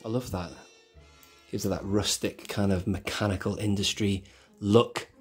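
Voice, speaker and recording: A man's voice: fairly low pitch, fairly even intonation, normal speed, breathy edge, soft background music. A man hosting his own channel, talking through a hands-on toy tutorial in a chatty, rambling way that keeps correcting itself. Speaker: toy collector channel host.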